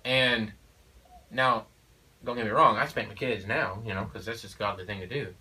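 A man's voice: on the low side, fairly even intonation, moderate pace, bright, forceful tone, recorded from a distance, poor audio. A man and father of four speaking in a casual conversation, in an emphatic, preachy way with frequent "you know" and "okay?". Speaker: father of four sharing parenting views.

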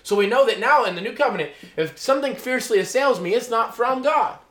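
In an echoey room, a middle-aged male pastor with a very high, expressive, slightly bright voice preaches quickly. He reads scripture aloud, unpacks it in loose asides, and often checks in with "okay?" and "you know?"

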